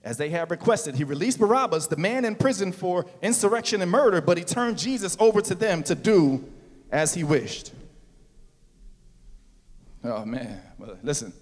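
A male pastor preaching a sermon in a casual, slangy way, building to loud, emphatic calls. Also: high-pitched, lively intonation, moderate pace, long reverb tail.

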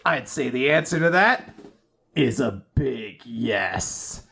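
A man co-hosting a podcast, recapping comic chapters as an animated storyteller who laughs often. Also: medium pitch, slow, vocal fry, slight background noise. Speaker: podcast co-host. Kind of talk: casual chat, recapping comics.

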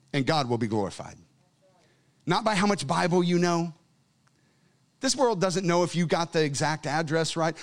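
A man preaching in a church service, his voice sitting slightly high and leaping around with great animation. He tells stories in a chatty way, then builds to fervent, loud calls. The sound is a live sermon on a stage microphone. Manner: fervent, swings from quiet to loud; conversational storytelling.

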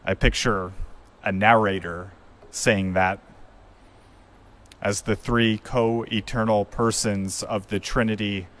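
A male pastor delivering a sermon in an unhurried, measured way. His voice sits on the low side, and he tells the story reflectively, taking his time. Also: steady tone, a bit bright.

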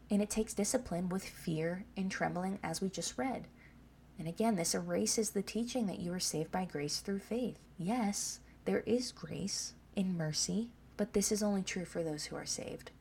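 A woman's voice: mid-range voice, unhurried, warm tone, slight background noise. Woman preaching an emphatic sermon. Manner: emphatic, asks the listeners "Amen?".

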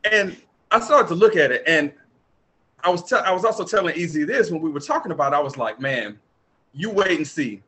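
Bright-voiced male podcast host. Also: fairly high pitch. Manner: animated, storytelling, bursts of fast talk. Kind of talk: casual panel chat.

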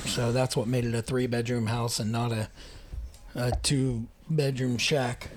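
A man's voice: mid-range voice, level tone, unhurried. A young man hosting a casual podcast chat, joking, laughing often and swearing casually. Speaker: podcast host.

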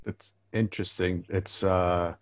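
A man hosting a podcast, talking in a relaxed, rambling way and restarting his sentences as he goes. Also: low voice, measured pace, dry recording. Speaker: podcast host. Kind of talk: casual conversation.

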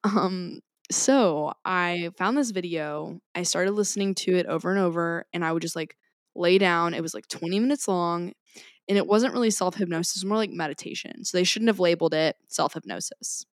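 A woman tells a story on a podcast, animated and quick to laugh. Her voice sits a little low. The sound is dry and close, with no room echo. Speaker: podcast co-host. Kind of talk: casual chat.

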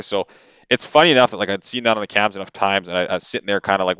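Low-voiced man, animated storyteller. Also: fast, clean tone, no echo. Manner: animated, with many fillers and repeated words. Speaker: podcast guest. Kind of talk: casual storytelling. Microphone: podcast microphone.

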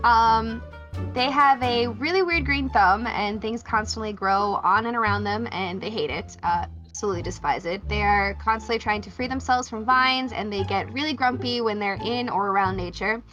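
A woman with a slightly high voice describes her characters in casual chat. She hesitates often, filling gaps with "uh" and "um". The sound is dull and lo-fi. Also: normal speed, fairly bright tone, faint music behind. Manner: hesitant, lots of uh and um. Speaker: player.

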